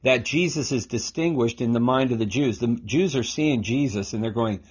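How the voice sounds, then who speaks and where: A man with a husky, breathy edge to his voice, teaching scripture in an easy conversational way. He jumps into quoted lines with sudden lively energy and chuckles along as he goes. The recording sounds a little muffled and lo-fi. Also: mid-range voice, moderate pace. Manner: animated, acts out quotes, chuckles often. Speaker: Bible teacher.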